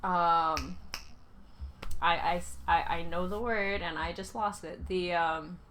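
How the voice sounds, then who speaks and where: A young woman from Canada giving casual reaction commentary, often pausing and searching for her words. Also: on the low side, steady tone, fairly bright tone, a little hiss or hum. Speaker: reaction video host.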